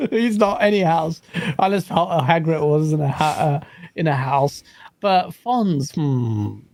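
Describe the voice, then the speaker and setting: A man's voice: on the high side, lively intonation, takes it slowly, creaky, darkish tone. A young man with an English accent co-hosting a gaming podcast, playful and laughing often as he chats. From England. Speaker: podcast co-host. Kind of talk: casual podcast chat.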